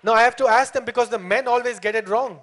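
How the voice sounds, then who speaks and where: High-voiced comic working the crowd. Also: male voice, a bit bright. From India. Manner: punchy, teasing the crowd, acts out quick character voices. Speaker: stand-up comedian. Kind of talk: stand-up comedy. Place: comedy show stage before a live audience.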